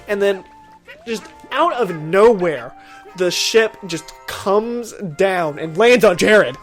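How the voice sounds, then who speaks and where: A woman's voice: mid-range voice, lively intonation, slow pace. A woman co-hosting a gaming video, rambling through an absurd made-up story and acting out the voices. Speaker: let's play co-host. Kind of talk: casual gaming chat. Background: game music.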